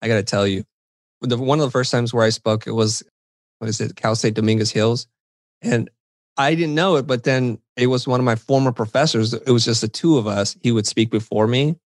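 A middle-aged man, a guest on an interview podcast, telling lively, self-deprecating stories and acting out what people said. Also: mid-range voice, a little fast, no room sound. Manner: animated, self-deprecating anecdotes with quoted dialogue. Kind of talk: conversational storytelling.

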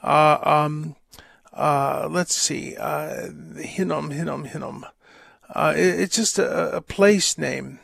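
A man hosting a Catholic call-in radio show, reading letters and answering questions in a rambling, halting, wry way. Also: fairly high pitch, steady tone, gravelly, fairly bright tone, no room sound, studio quality. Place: radio studio. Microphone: studio microphone.

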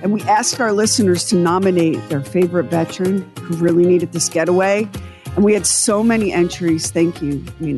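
A woman's voice: lowish voice, darkish tone. A woman co-hosting a radio show, chatting casually and playfully, laughing often.

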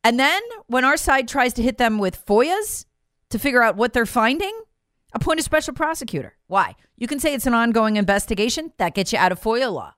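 A woman's voice: a little high, lively intonation, fairly quick, fairly bright tone, no echo, studio quality. Emphatic woman in sarcastic commentary. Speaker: talk radio host. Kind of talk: political commentary monologue.

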